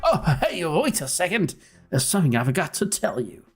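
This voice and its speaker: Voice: medium pitch, sing-song, normal speed, slightly rough, voice pushed up. Linebeck, a streamer doing a smug pirate captain. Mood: bossy. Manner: smug, wheedling, talks down to a kid. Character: cocky cowardly male ship captain. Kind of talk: voicing game dialogue live.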